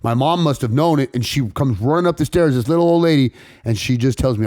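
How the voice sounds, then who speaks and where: A man's voice: medium pitch, fast, a little mellow, dry recording, clean studio sound. A man from California's San Fernando Valley, a podcast guest telling his story candidly, blunt and emotional, with frequent swearing.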